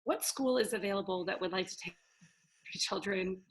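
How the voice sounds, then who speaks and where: Animated woman telling stories. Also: medium pitch, moderate pace, poor audio. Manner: animated, acts out quotes loudly, laughs often. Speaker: podcast guest, business owner. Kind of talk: casual storytelling.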